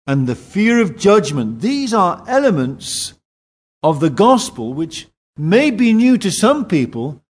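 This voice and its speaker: A preacher in Singapore speaks from the pulpit at a deliberate pace, pressing each point home with lively shifts in pitch.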